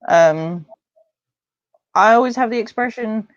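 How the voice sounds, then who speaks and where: A chatty woman with a fairly low voice tells stories in a rambling, lively way. Her sound is dry and a bit dull, as if from a lo-fi line. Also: measured pace, no echo. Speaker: parent guest. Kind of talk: casual interview chat.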